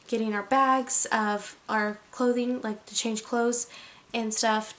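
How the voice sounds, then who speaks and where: A young adult woman vlogger telling a story in a chatty, animated way, full of "like" and dramatic emphasis. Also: fairly high pitch. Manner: chatty, heavy use of "like". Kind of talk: casual storytime.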